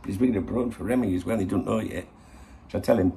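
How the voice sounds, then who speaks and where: This football channel host, a middle-aged man, talks fast in a warm, gravelly voice on the low side. He's filming a laid-back morning vlog straight to camera, rambling, chatting and swearing as he goes.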